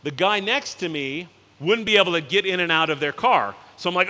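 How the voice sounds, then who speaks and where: This male CEO's voice sits high, with lively intonation and a pushed, bright quality. Speaking casually at a conference keynote, he shares stories and slips into quick voices for each character. Sound echoes around the large hall.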